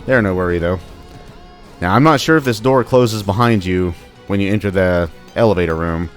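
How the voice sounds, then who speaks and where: A young man jokes his way through a video game in a casual let's-play, chatting to the enemies on screen. His voice is low-pitched and he talks at a moderate pace. Faint music sits in the background.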